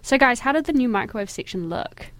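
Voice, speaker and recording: A young woman with a New Zealand accent co-hosting student radio, reading news and reacting quickly. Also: a little high, expressive, fairly bright tone, no room sound. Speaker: radio co-host and newsreader.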